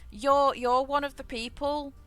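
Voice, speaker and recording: A woman's voice: high voice, steady tone, a little slow, a bit bright, dry recording. A woman streaming a game, chatting frankly, swearing freely and laughing often. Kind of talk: casual chat while gaming.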